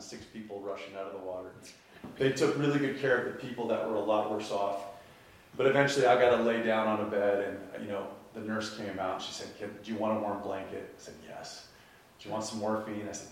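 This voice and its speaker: A man's voice: on the low side, slight background noise. Man telling a story in a roomy space. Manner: animated, laughing at his own story. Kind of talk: personal storytelling. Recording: echoey room from far off.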